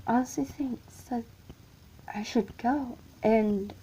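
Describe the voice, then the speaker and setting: A woman tells a horror story in the first person, halting and frightened, slipping into whispers. Her voice sits a little high but mellow and dark in tone. She speaks very slowly, with a faint hiss of noise behind her. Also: low-quality recording.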